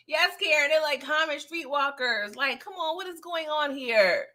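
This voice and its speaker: Bright-voiced sassy woman recapping a show. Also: sits high, slow pace, long pauses. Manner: laughs often, slangy and sassy, talks to viewers directly. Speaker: TV episode recap host. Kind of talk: casual live recap chat.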